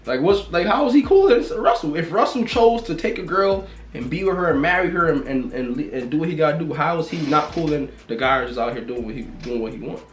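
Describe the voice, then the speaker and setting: A man in a casual rant to camera, talking bluntly and repetitively, swinging from loud exclamations to low mutters. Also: animated, fast talker, few pauses, reverberant. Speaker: vlogger.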